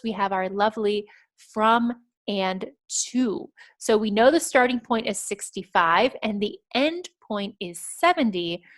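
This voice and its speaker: Woman, English exam teacher, clear and patient, mid-pitched, step-by-step explanations. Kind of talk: explaining vocabulary over slides.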